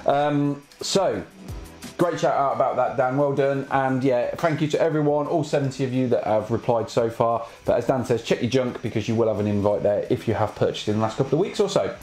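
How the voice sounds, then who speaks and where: A man's voice: mid-range voice, brisk, darkish tone, soft background music. A man hosting a live prize draw in casual chat, rambling with lots of fillers and restarts. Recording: echoey room with faint noise.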